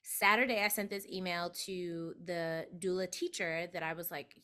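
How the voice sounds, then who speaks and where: A woman guest, a doula, telling a personal story in a chatty, animated interview manner. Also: normal speed, clean tone. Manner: animated, acts out quoted voices with big pitch jumps.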